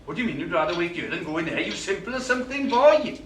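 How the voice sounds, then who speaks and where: A man's voice: high-pitched, big pitch swings, quick pace, fairly bright tone, a little hiss or hum. A man performing a live stage monologue as a cantankerous, swearing older man complaining in a hospital waiting room. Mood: scornful. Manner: gruff, complaining, swearing, bossy. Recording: roomy live stage sound, distant mic.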